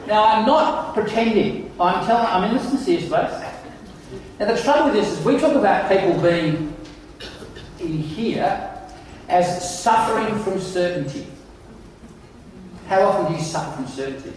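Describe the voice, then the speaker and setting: A man's voice: high voice, normal speed, long pauses, distant mic, a faint crowd, slight background noise. Self-mocking male keynote speaker in echoey hall. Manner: animated, self-mocking storyteller. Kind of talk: conference keynote storytelling. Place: large conference hall. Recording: echoey hall, mic heard from afar.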